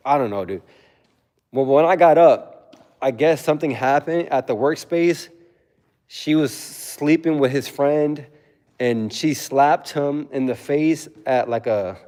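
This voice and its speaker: A man's voice: mid-range voice, dark tone, long reverb tail. A young man livestreaming from home, telling a story in a laid-back way, acting out quotes and laughing often.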